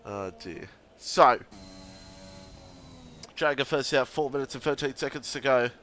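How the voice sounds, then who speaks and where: Young guy calling a sim race on stream, chatty, laughs a lot, mid pitch, bit of music under it. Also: a little slow, a bit bright. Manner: chatty and laughing, banters with chat and co-hosts. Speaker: sim racing league commentator. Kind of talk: casual live stream commentary.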